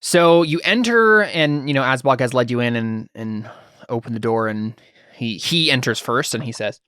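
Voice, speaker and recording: A man's voice: medium pitch, moderate pace, bright, forceful tone, clean tone, dry recording. A man narrating as game master of a tabletop role-playing game, describing scenes with many hesitations and restarts.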